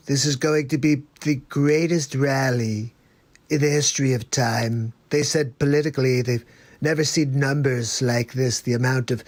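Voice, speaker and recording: A boastful older politician, forever repeating himself and calling everything the greatest, played by a man doing a comic impression. The voice sits a little above the usual male range. The delivery is pure swaggering bluster. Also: on the high side. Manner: bragging, repetitive, superlative-heavy. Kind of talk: comedic celebrity impression on a livestream.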